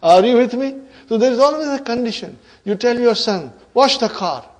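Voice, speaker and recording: A man's voice: extremely high pitch, a little fast, darkish tone. A middle-aged man teaching an Arabic grammar class in English, often checking whether the students follow and laughing between points. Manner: repeats "are you with me" and "huh" to check the class.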